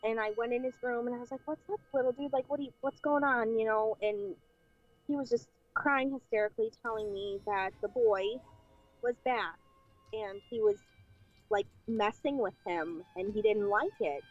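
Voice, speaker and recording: A woman with a slightly high voice recounts a personal story on a podcast, chatty and full of fillers as she acts out old conversations. The recording sounds dull and lo-fi, with soft music beneath it. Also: moderate pace. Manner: chatty, filler-heavy, acting out past dialogue. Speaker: guest telling a personal paranormal story. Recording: dull lo-fi clip with faint music.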